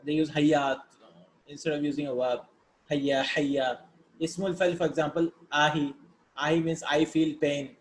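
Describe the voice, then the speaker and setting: A man's voice: on the high side, flat delivery, moderate pace, roomy sound, slight background noise, rough recording. A man teaching a grammar lesson, explaining patiently and often checking in with his students by asking "right?". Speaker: Arabic teacher.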